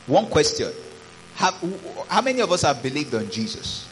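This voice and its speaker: A man's voice: medium pitch, very animated, measured pace, a little hiss or hum, low-quality recording. A man preaching a sermon as pastor, reading scripture aloud and calling out praises. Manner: preaching with rising exclamations, reads scripture aloud.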